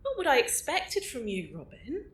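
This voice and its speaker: A woman's voice: high voice, wildly swooping pitch, normal speed, fairly bright tone, heavily acted. A woman playing an earnest library supervisor who speaks in a formal, old-fashioned way, recorded in an echoey room.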